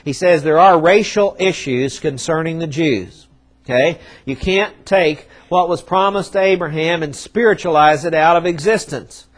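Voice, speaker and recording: A man delivering a sermon in a somewhat high voice. He preaches emphatically, slowing down and dropping his volume for dramatic effect. Now and then he slips into the voices of the prophets he quotes, still talking plainly. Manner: emphatic preaching with dramatic pauses and shifts in loudness; acts out quoted prophets and God in conversational voice. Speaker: pastor.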